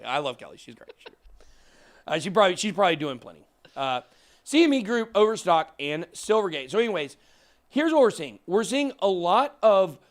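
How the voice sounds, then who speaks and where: A man hosting a crypto talk show, emphatic and excitable, ranting into the camera. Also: on the high side. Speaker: crypto channel host. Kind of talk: fired-up casual talk on camera.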